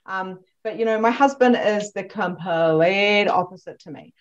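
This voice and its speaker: A woman hosting a podcast over a video call, telling animated stories and laughing often. Her voice sits at a middle pitch. The audio is slightly dull. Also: a little slow. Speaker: podcast host. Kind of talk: casual chat.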